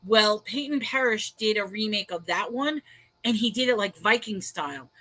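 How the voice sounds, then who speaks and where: Bright-voiced chatty woman hosting. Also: medium pitch, expressive, moderate pace, dry recording. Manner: rambling, laughs often, reads viewer comments aloud. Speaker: host. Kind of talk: casual livestream chat.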